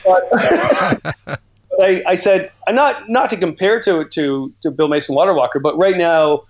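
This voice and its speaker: A man's voice: high voice, a little slow. A middle-aged man from Canada, an outdoor educator and author, telling rambling stories as a guest on a casual podcast interview. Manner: rambling storyteller, animated and laughing.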